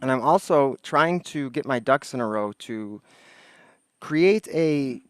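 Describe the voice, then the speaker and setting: This livestream host, a man, chats casually with viewers outdoors, rambling, greeting the chat and thinking aloud. His voice is mid-range and smooth. The recording, made on a desk microphone, is dry with clean studio sound.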